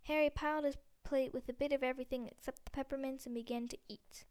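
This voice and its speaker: A woman reading a storybook aloud in a steady, gentle way, with small slips. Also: high-pitched, fast talker. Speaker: audiobook reader. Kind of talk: storybook narration.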